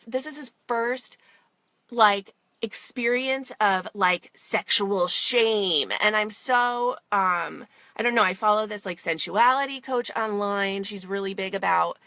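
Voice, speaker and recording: A woman's voice: mid-range voice, bright, forceful tone, no echo. A woman in her thirties chatting casually in a vlog, rambling with many fillers and getting emotional. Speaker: vlogger mom. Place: in her car.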